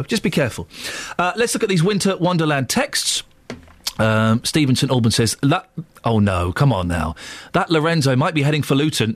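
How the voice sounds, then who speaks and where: A man's voice: on the high side, no echo. A British man hosting a radio show, chatting casually and reading out listener texts with indignant ranting. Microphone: studio mic.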